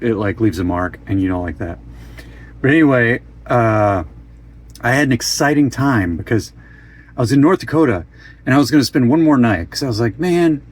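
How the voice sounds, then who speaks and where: Goofy rambling man vlogging from a van. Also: on the low side. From Oregon. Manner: rambling, goofy, self-mocking asides. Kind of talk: casual chatty video update. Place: inside a van.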